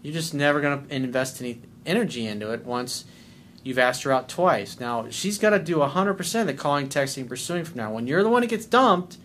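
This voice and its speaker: A man's voice: on the high side, lively intonation, brisk, a bit bright, a little hiss or hum. A man working as a dating coach, reading out a listener's email and commenting on it bluntly, with swearing, and acting out the quoted lines. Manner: blunt and profane; acts out quoted lines in a shifted voice.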